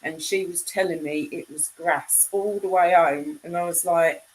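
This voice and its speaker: A woman's voice: fairly low pitch, steady tone, normal speed, a little mellow, low-quality recording. A woman, casually chatting on a live stream and reading out the chat. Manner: chatty, reads and answers chat.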